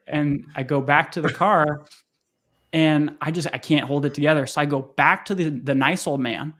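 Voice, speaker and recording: A young man, a podcast guest, telling a personal story in casual conversation, acting out what people said in a raised voice. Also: moderate pace. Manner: animated, acts out quotes in high voices. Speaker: podcast guest, sales coach.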